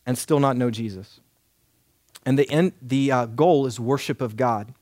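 A man's voice: medium pitch, moderate pace, a little mellow, no echo, studio quality. A man in his thirties preaching a sermon, earnest and emphatic, building points through repeated lists. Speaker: pastor.

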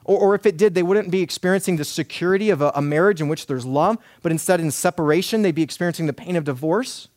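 Earnest man preaching, slightly high voice. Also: fast, few pauses, a little mellow, no echo, clean studio sound. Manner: earnest, emphatic preaching with repeated lists. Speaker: pastor. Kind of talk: sermon.

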